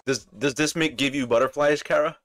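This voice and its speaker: A young man streaming, reacting to clips with excitable, slangy chatter and frequent laughter. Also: mid-range voice, fairly quick, faint music behind. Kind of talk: casual reaction stream chat.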